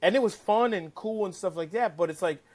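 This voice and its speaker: Male interview guest with a somewhat high voice, telling casual stories with animated, profane delivery. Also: a little fast. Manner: animated, profane, acts out quotes. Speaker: caddie-turned-broadcaster guest. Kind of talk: casual storytelling.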